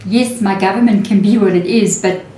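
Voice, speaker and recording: A woman talks through a tarot reading in a chatty, reassuring way and briefly acts out the people she quotes. Her voice sits in a middle pitch and carries a clear room echo. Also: steady tone, moderate pace, mellow, slight background noise. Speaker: tarot reader. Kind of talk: casual tarot reading monologue.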